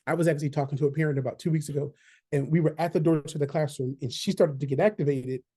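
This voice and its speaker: A man's voice: on the high side, fairly even intonation, fast, mellow, breathy edge. A man leading a training session, talking conversationally, repeating key phrases and checking in with "right?". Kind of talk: online training talk.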